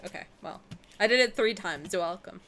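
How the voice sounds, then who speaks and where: A young woman streamer chatting casually with her viewers on a headset, cheeky and animated, swearing and laughing freely. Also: mid-range voice, fairly quick. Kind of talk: casual live-stream chat. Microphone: headset with headphones.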